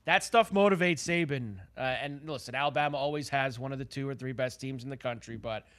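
A man's voice: medium pitch, a little fast. A man co-hosting a sports betting show, chatting casually and getting worked up about the games. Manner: excitable, talks up the betting angle, frequent "uh".

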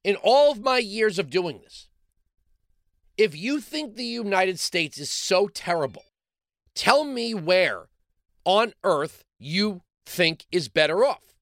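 A man's voice: high voice, big pitch swings, takes it slowly, creaky, a bit bright, no echo, studio quality. A middle-aged man, hosting a talk show and delivering an opinionated monologue full of rhetorical questions. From New York City. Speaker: radio talk show host.

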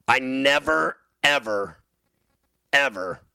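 A man with a gravelly, bright-edged voice hosts a sports radio show. He rambles through a story in casual banter, laughing as he goes. The studio sound is dry and close. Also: mid-range voice, slow, no echo.

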